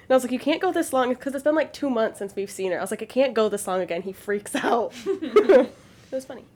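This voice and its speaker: Higher-voiced woman telling relaxed stories. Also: rapid-fire. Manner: relaxed anecdote-telling with laughs. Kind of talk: casual chat.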